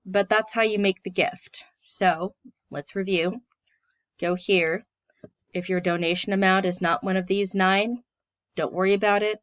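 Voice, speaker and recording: In a relaxed screen recording, a church staff member walks through an online tutorial step by step, friendly and plain, with the occasional um. Her mid-range voice is steady, measured, and fairly bright, in a dry recording.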